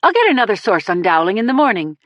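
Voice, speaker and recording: Casting: narrator doing a keen woman reporter, brisk and excited, dry close audiobook sound. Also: mid-range voice, no room sound. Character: eager woman crime reporter friend.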